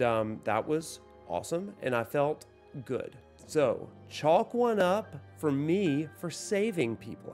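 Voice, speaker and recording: A man telling a casual, self-deprecating story about his game session, acting out the lines. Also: on the high side. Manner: animated storyteller, self-deprecating, acts out dialogue. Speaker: gaming vlogger. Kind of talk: casual gameplay recap.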